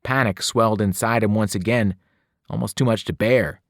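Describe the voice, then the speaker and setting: A man, a teacher, reading a novel aloud with expressive narration. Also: lowish voice, moderate pace, dry recording, clean studio sound. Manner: expressive, voices the characters. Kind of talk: audiobook narration.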